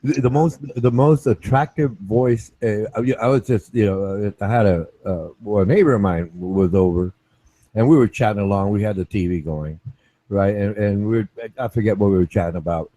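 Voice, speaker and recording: A man's voice: fairly low pitch, normal speed, warm tone. A man hosting a casual online chat, rambling with many restarts and tag questions like "right?". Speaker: show host.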